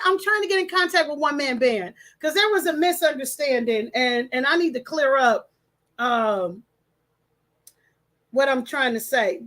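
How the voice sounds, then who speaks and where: A woman's voice: high voice, a bit bright. A woman hosting her livestream at home, chatting casually, greeting viewers and stumbling over names as she reads comments. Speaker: livestream host. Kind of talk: casual livestream chat, reading comments aloud.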